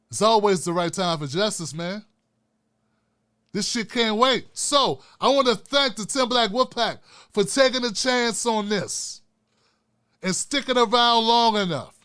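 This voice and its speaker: Fiery high-voiced man ranting on his show. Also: slow, long pauses, clean tone. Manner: fiery, profane, preacher-like repetition; swings from hushed asides to shouting. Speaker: YouTube show host. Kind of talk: impassioned vlog rant.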